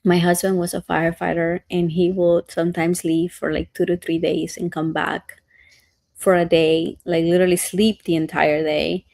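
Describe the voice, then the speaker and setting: A woman's voice: fairly low pitch, level tone, moderate pace, gravelly, darkish tone, dry recording. A woman in her thirties co-hosting a podcast, telling earnest parenting stories in casual chat. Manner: earnest, storytelling, acts out quotes. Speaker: podcast co-host.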